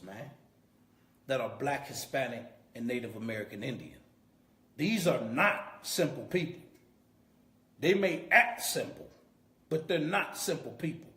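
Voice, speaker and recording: A man's voice: medium pitch, fairly bright tone. A man teaching a scripture class as a preacher, emphatic and repeating his key points. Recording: roomy echo.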